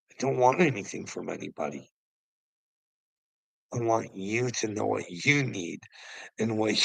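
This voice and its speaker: A man's voice: on the low side, vocal fry, a bit bright, breathy edge, dry recording, poor audio. A man ranting on a livestream, preachy and taunting, swearing and mocking the person he addresses. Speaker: channel host. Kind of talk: confrontational livestream rant.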